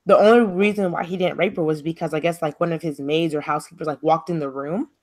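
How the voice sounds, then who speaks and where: A young woman co-hosting a podcast retells a story during casual talk-show chat, filling it with lots of fillers. Her voice sits low with a steady tone, and she speaks fast.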